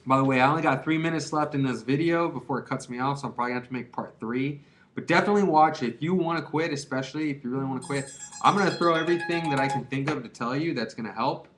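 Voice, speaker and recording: A young man in his twenties speaks straight to the camera in a relaxed, confessional vlog. His talk is loose and rambling, full of slang and fillers like "dude" and "man". His voice sits at an ordinary middle pitch. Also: quick pace, a little hiss or hum. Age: 20s. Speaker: vlogger giving advice on quitting. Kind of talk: casual confessional monologue to camera.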